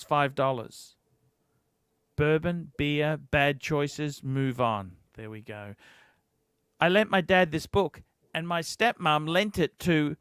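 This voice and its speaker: A man's voice: a little high, a bit bright, clear, resonant tone, no room sound, studio quality. A man hosting a livestream, telling a heated, profane story in a ranting chat. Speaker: livestream host.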